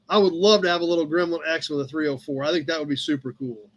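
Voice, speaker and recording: A man with a fairly high voice hosts a relaxed live chat from his shop office. He rambles through old car magazine pages in an easygoing way and breaks off now and then to talk to his cat. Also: fast, few pauses. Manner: rambling, chatty, talks to his cat between comments. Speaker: livestream host.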